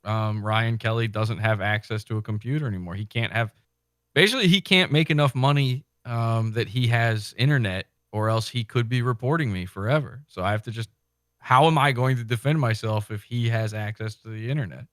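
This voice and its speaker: Man, podcast guest, bright dry tone, animated storyteller. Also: mid-range voice, fairly quick, no room sound. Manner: animated storytelling, acts out quotes. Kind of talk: casual chat.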